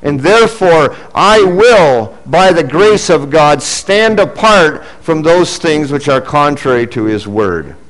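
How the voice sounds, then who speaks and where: A middle-aged male pastor delivering a sermon in a fairly high voice. He is earnest, pushing up for emphasis and falling to low, soft asides. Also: big pitch swings, takes it slowly, few pauses, rough recording.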